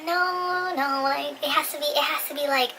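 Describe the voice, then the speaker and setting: A woman's voice: sits high, fairly even intonation, normal speed, pushed and bright, recorded from a distance, slight background noise, pitched above the performer's own voice. A woman voicing a blunt, foul-mouthed teenage girl as she quotes her in a storytime vlog. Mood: insistent. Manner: urgent, blunt, swearing.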